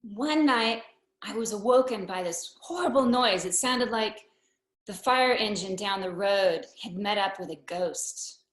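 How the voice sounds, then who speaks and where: A woman tells a personal story on stage, taking her time over each phrase. Her humor is dry, and she delivers her asides deadpan. Her voice carries a roomy echo from the hall. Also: mid-range voice, a little slow.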